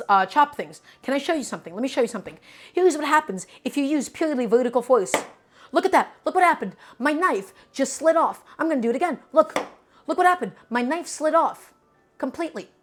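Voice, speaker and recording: A chatty woman hosts a relaxed cooking livestream with a fairly high voice. She walks through each step in a friendly, reassuring way. She keeps stopping to answer questions from chat. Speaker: cooking show host.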